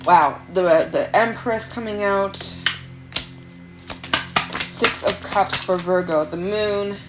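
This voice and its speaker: Woman doing a tarot reading, talky and animated, cusses casually, soft music behind. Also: medium pitch, takes it slowly. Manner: chatty, animated, swears freely, acts out quoted voices. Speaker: tarot reader. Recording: faint background music.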